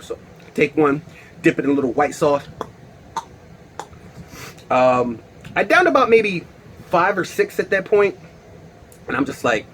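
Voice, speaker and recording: A man's voice: fairly high pitch, expressive, measured pace, pauses often, a bit bright, slight background noise. A man telling a personal story in a casual, slangy way, with lots of fillers and laughs. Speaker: storyteller vlogger.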